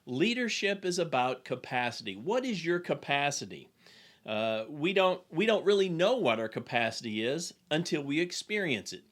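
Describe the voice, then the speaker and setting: A man's voice: fairly high pitch, big pitch swings, moderate pace, a bit bright. A man who is an executive coach, giving a recorded business lesson in an earnest, plain and direct storytelling manner.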